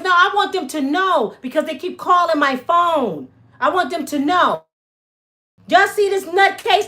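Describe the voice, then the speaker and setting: Heated high-voiced woman ranting to viewers. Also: pushed and bright. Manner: heated, emphatic, addresses viewers as y'all. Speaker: channel host. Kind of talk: angry vlog rant to viewers.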